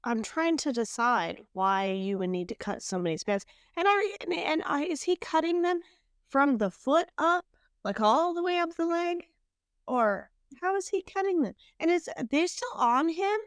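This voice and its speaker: A woman's voice: sits high, expressive, normal speed, no room sound, clean studio sound. A woman co-hosting a true crime podcast, casually chatting and firing off curious questions. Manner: curious, asks pointed questions. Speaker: podcast co-host. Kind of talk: casual chat.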